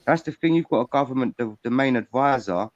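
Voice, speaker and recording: A man rattles along at a fast clip in a blunt, swearing livestream chat. His voice comes over a dull, lo-fi online call with a dry, close sound. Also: medium pitch, expressive, dry recording. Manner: blunt, swears freely, talks fast in bursts. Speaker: panel guest. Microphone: video call.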